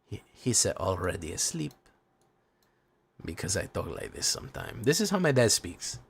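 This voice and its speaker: Casting: calm, hushed Spanish-accented Latino dad, low and slow, as a streamer puts him on. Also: male voice, gravelly, breathy edge, heavily acted. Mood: matter-of-fact. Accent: Spanish-accented English. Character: middle-aged Latino immigrant dad, calm and soothing.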